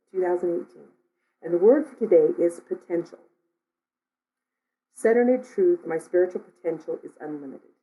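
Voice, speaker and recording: A woman's voice: fairly low pitch, dark tone, low-quality recording. A woman minister giving a conversational sermon, telling stories and reading a daily word. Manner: storytelling, conversational.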